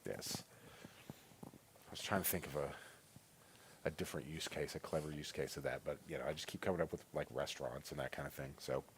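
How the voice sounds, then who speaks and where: A man with a low, deep voice walks through audio software settings in a loose, conversational way. He talks casually and fills gaps with "uh" and "you know" as he explains each screen. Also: a little fast, pauses often, slight background noise. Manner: relaxed, filler-heavy explaining. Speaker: presenter of a training webinar. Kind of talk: casual technical walkthrough.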